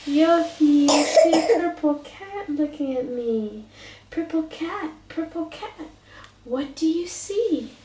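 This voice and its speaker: Woman, parent, reading picture book aloud to toddler, playful animal noises, unhurried, echoey room, distant mic. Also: high-pitched, animated, mellow, slight background noise. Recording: roomy home recording from a distance.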